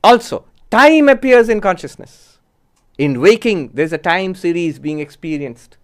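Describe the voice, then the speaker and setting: Smooth-voiced man teaching Vedanta. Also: high voice, lively intonation. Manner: measured and explanatory, posing rhetorical questions. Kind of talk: spiritual discourse.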